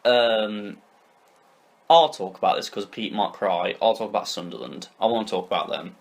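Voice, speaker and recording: A man's voice: on the low side, gravelly. Opinionated British man hosting football talk. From Britain. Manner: opinionated, quick, asks questions. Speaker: podcast host. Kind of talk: casual football chat.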